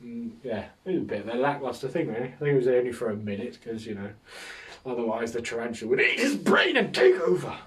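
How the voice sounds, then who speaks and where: A man's voice: mid-range voice, sing-song, fast talker, fairly bright tone, recorded from a distance. A man hosting a casual solo podcast, rambling through jokes with a self-mocking humour and frequent chuckles. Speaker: podcast host.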